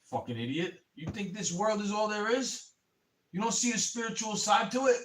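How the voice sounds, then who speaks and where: A man's voice: sits high, big pitch swings, normal speed, distant mic, low-quality recording. A man in his twenties, ranting profanely and heatedly in a casual livestream. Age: 20s. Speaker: streamer.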